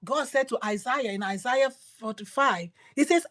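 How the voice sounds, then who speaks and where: A woman preaching a devotional sermon, repeating phrases emphatically and swinging from loud declarations to hushed whispers. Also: a little high, normal speed, hardly any pauses.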